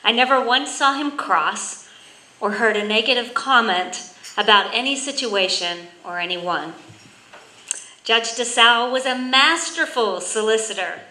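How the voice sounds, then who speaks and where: A woman, a county official, giving a prepared tribute speech in a measured, formal way, reading from notes. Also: a little high, pushed and bright, echoey room, low-quality recording.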